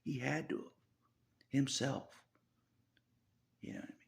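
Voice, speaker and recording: A man's voice: mid-range voice, huge pitch swings, unhurried, vocal fry. A man talking through a rambling personal monologue, chuckling often and dropping into half-whispered asides. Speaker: vlogger.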